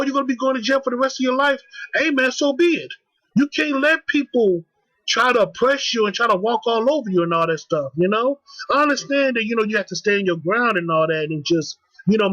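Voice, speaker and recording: A man's voice: high voice, bright, forceful tone, no echo, low-quality recording. A young man ranting angrily to the camera, heated and profane, repeating himself. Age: young adult. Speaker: vlogger. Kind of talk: angry rant.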